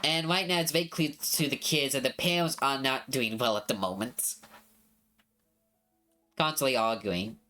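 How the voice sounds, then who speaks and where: A woman's voice: extremely low pitch, normal speed, long pauses, sharp tone, soft background music. A woman streamer explaining a game to chat in a rambling, apologetic way, swearing casually.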